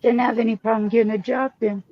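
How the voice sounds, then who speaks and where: A woman's voice: fairly high pitch, level tone, fast, no echo. A woman chatting about a news case, opinionated and indignant. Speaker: co-host. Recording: dull lo-fi sound with faint noise.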